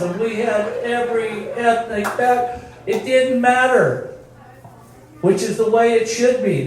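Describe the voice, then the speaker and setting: A man's voice: high voice, darkish tone. An older man, a former football coach, giving a folksy, storytelling speech at a team reunion. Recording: very echoey, from far off.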